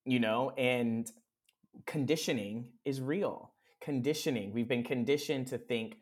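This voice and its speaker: A man's voice: mid-range voice, a little slow. Male mindset coach, podcast guest, mid-range voice, earnest and repetitive delivery. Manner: earnest, repeats phrases, frequent "right?". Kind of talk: casual podcast conversation.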